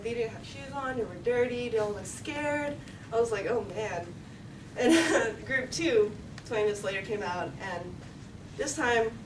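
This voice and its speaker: A young woman tells a story on stage in a chatty way, with lots of "like" and acted-out quotes. She is recorded from a distance in a roomy, echoing hall, with clear background noise behind her. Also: a little high. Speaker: story slam performer. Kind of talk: live personal storytelling. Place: event hall.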